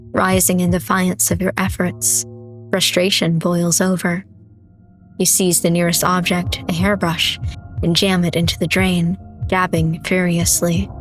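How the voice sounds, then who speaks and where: A young woman streamer reading horror narration from a visual novel slowly and dramatically. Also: lowish voice, poor audio.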